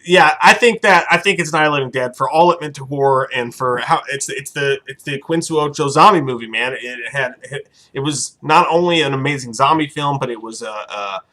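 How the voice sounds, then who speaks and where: A man co-hosting a live stream, reading viewer messages in relaxed, profane chat. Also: mid-range voice, brisk. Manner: laid-back, profane, reads viewer messages. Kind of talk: casual live-stream banter.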